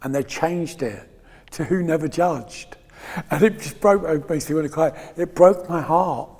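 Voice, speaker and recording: A man's voice: on the high side, moderate pace, darkish tone, in a large hall. A man in his fifties from England, guest in a candid interview, talking in a rambling, emotional way with frequent laughs and restarts. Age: 50s.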